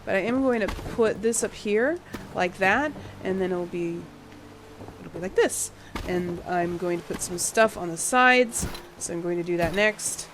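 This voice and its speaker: A woman's voice: lowish voice, a little slow, noisy background. A woman casually commenting while she builds in a video game, thinking aloud and rambling as she goes. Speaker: gaming video creator.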